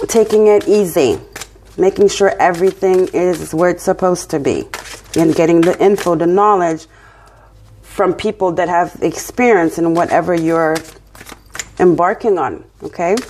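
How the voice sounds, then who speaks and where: A woman's voice: mid-range voice, darkish tone, a little hiss or hum. A woman with a French accent giving a casual tarot reading, encouraging and often checking in with her listener. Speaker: tarot reader.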